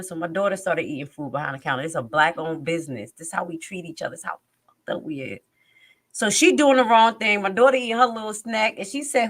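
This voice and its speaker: A middle-aged woman hosts a casual live stream. Her voice sits fairly low, and she speaks bluntly and with energy. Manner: blunt and animated, acts out other people's lines. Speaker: host of a live commentary stream.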